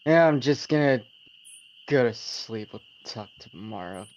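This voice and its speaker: A man's voice: mid-range voice, lively intonation, a little slow, darkish tone, lightly acted. A man voicing a weary, drunk male adventurer who mumbles and sighs. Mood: sleepy, sullen. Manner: mumbling, sullen, sighing. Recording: dull lo-fi sound.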